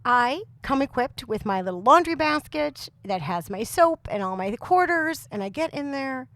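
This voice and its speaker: A woman in her thirties or forties with a very loud voice, co-hosting a podcast and telling a comic story with lots of laughs and exasperation. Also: high-pitched, expressive, moderate pace, no echo. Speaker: podcast co-host. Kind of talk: casual chat, comic storytelling.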